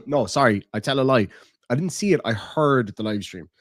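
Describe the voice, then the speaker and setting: A man's voice: mid-range voice, sing-song, unhurried, dry recording, clean studio sound. An Irish man hosting a live stream, answering his chat in a blunt, casual way, swearing freely and laughing often. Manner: blunt, profane, laughs easily. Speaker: streamer host reading chat.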